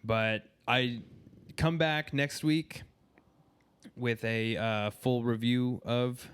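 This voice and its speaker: A man co-hosting a casual podcast at an everyday middle pitch. He talks in a laid-back way and drops swear words freely as he chats with his friend. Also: steady tone, very slow, a bit bright, smooth. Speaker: podcast co-host. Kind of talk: casual chat.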